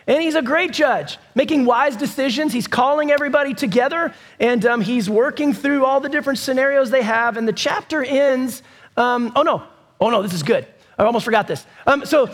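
A man's voice: extremely high pitch, fairly bright tone. A man preaching a sermon as pastor, telling the story casually with asides to the congregation. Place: church. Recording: long hall reverb.

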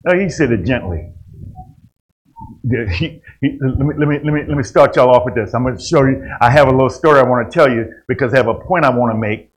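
A man preaching a sermon, rising to loud emphatic passages and dropping to quiet asides. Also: mid-range voice, fast talker, poor audio.

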